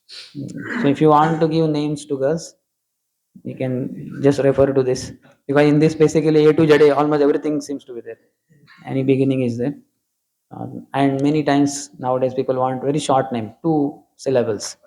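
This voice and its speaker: A man's voice: medium pitch, fairly even intonation, normal speed, warm tone. A middle-aged Indian man with an Indian English accent, teaching a scripture class in a humorous, explanatory way and slipping into Hindi asides.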